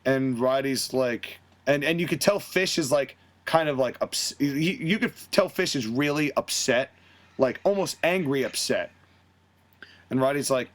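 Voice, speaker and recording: A man's voice: medium pitch, measured pace. A man hosting a podcast, animatedly recapping a wrestling storyline and acting out the characters' quotes in shifting voices. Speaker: podcast host. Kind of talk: casual recap of a fantasy wrestling booking.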